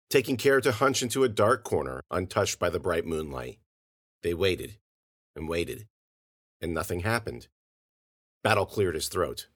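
A man narrating audio fiction in an expressive storytelling manner. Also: low-pitched, normal speed.

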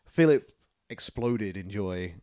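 A man co-hosting a casual podcast, animated, laughing often and restarting his sentences. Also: on the low side, takes it slowly, no room sound, studio quality. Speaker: podcast co-host. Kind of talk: casual chat.

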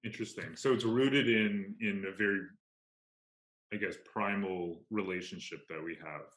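A man in his thirties interviewing a guest at a conference, halting and searching for words. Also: on the low side, fairly bright tone, reverberant.

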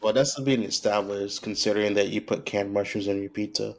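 A man's voice: on the low side, steady tone, a little fast, vocal fry, a little hiss or hum. A man co-hosting a podcast in casual chat, teasing and playful, often laughing. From not from the local area. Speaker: podcast co-host.

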